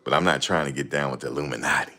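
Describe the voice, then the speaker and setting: A man's voice: extremely low pitch, racing, pushed and bright. A man hosting a casual stream, reading and answering chat comments in a rambling, slangy way. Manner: rambling, slangy, laughs a lot.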